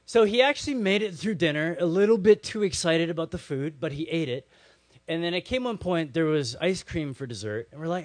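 A man preaching a sermon with a slightly raised voice, acting out quotes with energy, then sinking to hushed, quiet lines. The sound is dry and close. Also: a little high, normal speed, no room sound. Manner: animated storytelling, acts out quotes, drops to soft hushed lines. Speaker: pastor.

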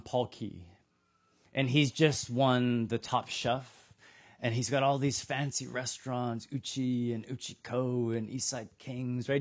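A pastor preaching a sermon in a conversational, humorous storytelling manner, speaking to a church in Austin, Texas. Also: male voice, medium pitch.

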